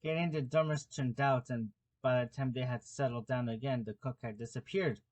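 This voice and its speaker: A man's voice: mid-range voice, fairly even intonation, normal speed, a little mellow. A man narrating an amateur audiobook, reading plainly and unhurriedly, with small slips and restarts. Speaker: audiobook reader.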